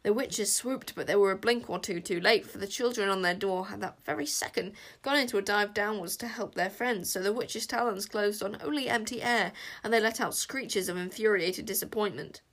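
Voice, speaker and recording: A woman reads a children's adventure aloud, dramatic and lively. She shifts her delivery to build excitement and speaks straight to the listener. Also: mid-range voice, normal speed, few pauses. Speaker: audiobook narrator. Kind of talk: storybook narration.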